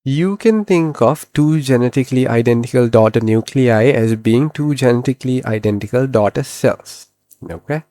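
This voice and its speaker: A man giving a recorded biology lesson, asking questions and then answering them himself, and slowing down to stress key terms word by word. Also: medium pitch, warm tone, no echo. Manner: explanatory, asks and answers his own questions. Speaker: biology teacher.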